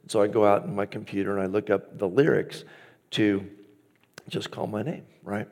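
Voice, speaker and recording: A man's voice: fairly low pitch, steady tone, moderate pace, a little mellow. A man preaching a conversational, storytelling sermon as pastor, acting out his own inner dialogue.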